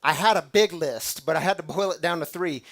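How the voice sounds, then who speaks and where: Fairly high-voiced preacher, swings loud and hushed. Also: male voice, brisk. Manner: dramatic shifts from loud to hushed; conversational, calls the audience y'all. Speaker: pastor. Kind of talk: sermon.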